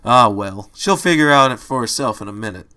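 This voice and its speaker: A man's voice: medium pitch, expressive, a little fast, bright, forceful tone. A man doing a grumpy wiseguy bunny boss. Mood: dry. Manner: dry, gruff wiseguy talk. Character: grumpy, streetwise male pet bunny boss.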